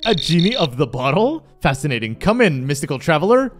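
A man's voice: fairly high pitch, big pitch swings, a little fast, soft background music. A theatrical male neighbor from a video game, speaking in grand, archaic phrases. He sounds pompous and formal, weighing every visitor at his door. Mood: curious.

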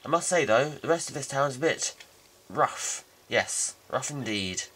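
A man doing a pompous, stuffy old-fashioned gentleman who talks slowly and formally, in a game let's play. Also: medium pitch, lively intonation, a little hiss or hum. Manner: pompous, slow, drawn-out speech.

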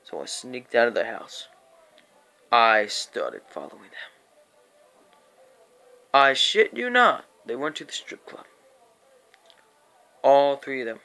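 A man's voice: medium pitch, big pitch swings, unhurried, gravelly, long pauses, fairly bright tone. A young man telling a rambling, profane storytime vlog, acting out quotes and sometimes dropping into a whisper. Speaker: vlogger.

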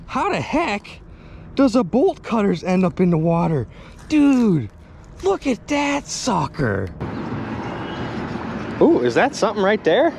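Young man, excited exclaiming, outdoor noise behind, lively swooping pitch. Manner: excitable, exclaiming, addresses viewers as you guys. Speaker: magnet fishing vlogger. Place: outdoors by the water. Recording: noisy outdoor recording.

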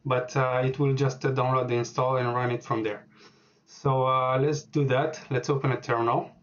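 A man walking through a software setup on screen, speaking hesitantly with many filler words as he types. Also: mid-range voice, flat delivery, normal speed, dull audio. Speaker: programming tutorial host. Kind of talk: screen-recorded software tutorial.

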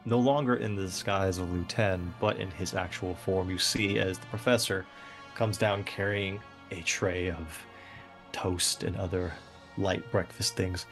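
A man's voice: deep voice, fairly even intonation, a little slow, fairly bright tone, soft background music. A man narrating a tabletop game as game master, casual, with lots of fillers and laughter.

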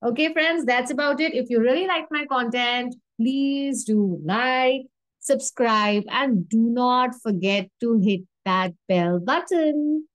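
A woman teaching English vocabulary to camera, animated, repeating each example phrase with emphasis and checking in with "okay?" often. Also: fairly high pitch, takes it slowly, no room sound. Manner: frequent checking "okay?" and "yeah?". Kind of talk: video lesson to camera.

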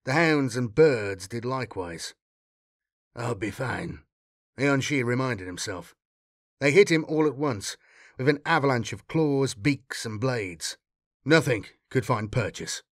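An audiobook reader gives a fan reading of a dark sci-fi story, narrating steadily and with measured pacing while the drama builds. His voice is an ordinary middle pitch, and the recording is dry and close with no room sound or echo.

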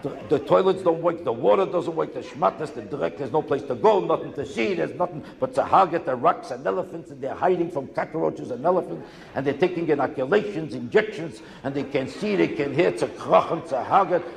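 Insistent stand-up comedian in a hall. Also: male voice, fairly high pitch, expressive, vocal fry. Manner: rapid, insistent, rhetorical questions and repetition. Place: stage in a hall before a live audience. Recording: echoey hall, live show.

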